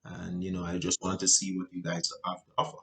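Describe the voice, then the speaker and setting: A man voicing a flat, unexcited male client in a sales role-play. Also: low voice, fairly quick, pitched below the performer's own voice. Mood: unimpressed.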